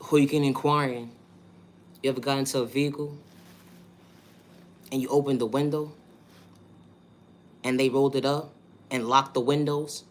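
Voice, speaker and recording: A man's voice: mid-range voice, flat delivery, moderate pace, pauses often. Emphatic New York man ranting. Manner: emphatic, repetitive, rhetorical questions. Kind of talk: monologue vlog.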